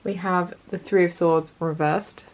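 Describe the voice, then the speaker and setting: A woman's voice: lowish voice, steady tone, a little slow. A woman giving a casual pick-a-card tarot reading, chatty and encouraging as she talks straight to her viewers. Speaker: tarot reader.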